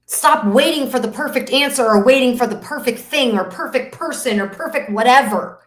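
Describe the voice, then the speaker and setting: Woman, 30s, business coach, webinar masterclass, emphatic, preachy, repeats lines, slightly high voice, roomy echo. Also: moderate pace. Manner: faith-driven motivational tone. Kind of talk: motivational webinar talk.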